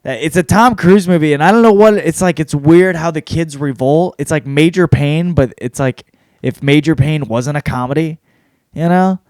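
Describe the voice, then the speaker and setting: A man's voice: on the high side, moderate pace, darkish tone, dry recording, clean studio sound. A man hosting his own podcast, rambling through a casual rundown with plenty of swearing and blunt opinions. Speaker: podcast host.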